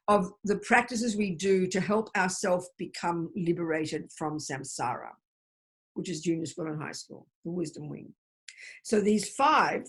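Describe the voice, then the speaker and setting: A woman's voice: fairly low pitch, breathy edge. An older woman giving a Buddhist teaching over a video call, forthright and emphatic, repeating her key phrases.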